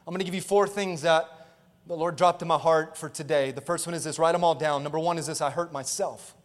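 A male pastor preaching in a church auditorium, his high voice carrying a long reverb tail through the hall. He talks emphatically, calls out to the congregation for agreement, and acts out quoted voices in his stories. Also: steady tone, brisk. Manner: emphatic preaching with call-and-response asides. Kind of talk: sermon.

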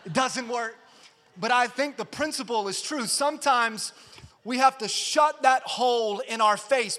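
A man preaching a sermon as pastor, with energetic, punchy delivery that builds in emphasis. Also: sits high. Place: church sanctuary. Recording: long hall reverb.

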